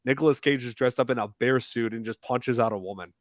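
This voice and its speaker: A man's voice: mid-range voice, quick pace, no room sound, studio quality. Joking man on a podcast. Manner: joking, filler-heavy. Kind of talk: casual horror podcast chat.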